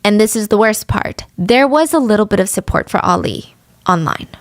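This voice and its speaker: A woman's voice: mid-range voice, moderate pace, dry recording, clean studio sound. Indignant woman hosting a true-crime podcast. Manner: animated and indignant commentary. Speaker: podcast host.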